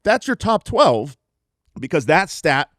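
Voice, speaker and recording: A man co-hosting a fantasy football podcast, rattling off stats with energy, jumping high in pitch when excited and laughing often. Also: takes it slowly, no room sound, studio quality. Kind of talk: energetic stat-heavy sports podcast talk. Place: studio, live show.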